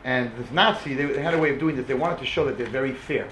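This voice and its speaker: A man giving a dramatic storytelling talk as a religious speaker, animated and mixing in Hebrew and Yiddish terms. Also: mid-range voice, fast talker, a little hiss or hum. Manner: animated, rising to impassioned shouts. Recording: roomy echoing room.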